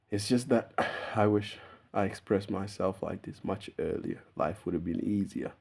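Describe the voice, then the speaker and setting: Young male YouTuber, lower voice, unscripted rambling, casual swearing, frequent chuckles. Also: a little slow, gravelly, darkish tone, slightly rough. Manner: loose, meandering, laughs often, swears casually.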